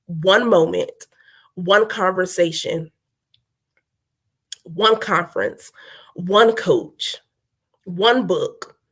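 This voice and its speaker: A woman's voice: lowish voice, animated, very slow, pauses often, breathy edge. A middle-aged woman, a motivational speaker and coach, talking live to her viewers. She speaks emphatically, in a preachy rhythm, repeating phrases and checking in with "right?".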